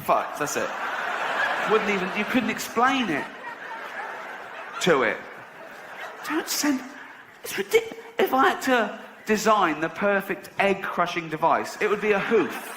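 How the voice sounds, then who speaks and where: A man's voice: high voice, sing-song, a little slow, pauses often. A man riffing comically on set, breaking into laughter mid-sentence. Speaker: comedian. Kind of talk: improvised comic riffing between takes. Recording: echoey set with background noise.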